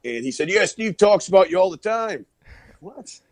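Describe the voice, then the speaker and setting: A middle-aged man tells rowdy, swear-filled stories as a podcast guest, laughing as he goes. His voice sits fairly high, and the sound is dry and close. He is heard over a remote call line. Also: animated, normal speed, no echo. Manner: profane, laughing, rowdy storyteller. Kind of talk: casual storytelling.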